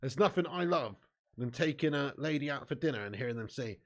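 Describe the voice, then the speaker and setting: A man's voice: fairly high pitch, lively intonation, moderate pace. A man hosting a football watch-along stream, reading out viewer comments in casual, jokey banter and laughing often.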